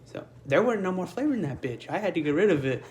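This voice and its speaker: A man's voice: high voice, big pitch swings, quick pace, darkish tone, slight background noise. A young man co-hosting a podcast, telling a school story in a blunt, profane way. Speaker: podcast co-host. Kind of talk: casual chat among friends.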